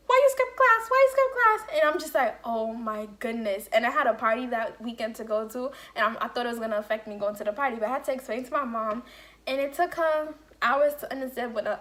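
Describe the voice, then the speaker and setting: A young woman vlogger telling a casual story, acting out quotes and saying "like" often. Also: fairly high pitch. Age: young adult. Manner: animated storytelling with acted-out quotes and lots of "like". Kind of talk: casual story-time chat.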